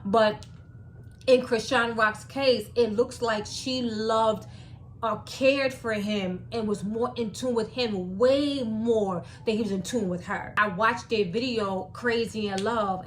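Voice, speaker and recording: A woman's voice: a little high, a bit bright, slight background noise. A woman giving opinionated commentary in a vlog, preachy and repeating her points for emphasis. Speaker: commentary vlogger.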